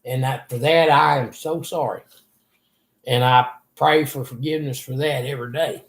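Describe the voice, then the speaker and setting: Older man, gravelly and confessional. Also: mid-range voice, fairly even intonation, moderate pace. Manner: earnest, confessional, rambling. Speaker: interviewee. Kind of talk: emotional personal storytelling. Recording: echoey room.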